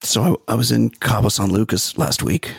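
A man co-hosting a comedy podcast, his pitch swinging up and down as he tells stories with jokey exaggeration. His voice is gravelly and a little husky, and the sound is close and dry. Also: moderate pace, no echo. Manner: animated storytelling, jokey exaggeration. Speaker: podcast co-host. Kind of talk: casual comedic chat.

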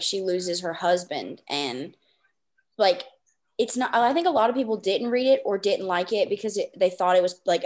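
Gushing, excitable woman podcast host. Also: mid-range voice. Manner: excitable, gushing, fast rambling with many fillers. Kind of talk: casual podcast chat.

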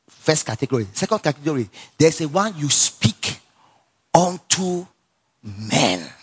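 A man with a Nigerian accent and a fairly high, slightly rough voice gives a sermon in an animated storytelling style. He laughs often, repeats phrases and calls for the congregation to respond.

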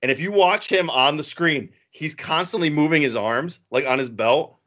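A man co-hosting a podcast in a casual, profane, animated way, laughing often. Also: fairly high pitch, normal speed. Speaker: podcast co-host. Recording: dull lo-fi sound.

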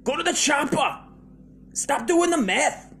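A man putting on a shouted, over-the-top muscleman action-star impression in a mock promo, with an accent he himself calls Irish. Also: very high voice, animated, a little slow, a little hiss or hum, voice pushed up, heavily acted. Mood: booming mock promo.

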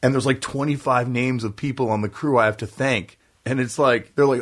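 A man's voice: mid-range voice, fairly even intonation, brisk. A man, a touring musician, telling road stories in casual chat, laughing through them and acting out what people said. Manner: laughs through his stories, acts out quotes.

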